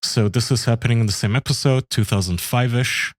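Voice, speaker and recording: A man co-hosting a podcast in casual chat, dropping deadpan remarks. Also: medium pitch, brisk, dry recording, clean studio sound. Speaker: podcast co-host.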